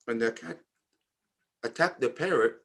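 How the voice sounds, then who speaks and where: A man telling a story in a memorial sermon, swinging between loud emphatic phrases and hushed, low ones. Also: measured pace, vocal fry. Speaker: speaker at a memorial majlis. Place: community center.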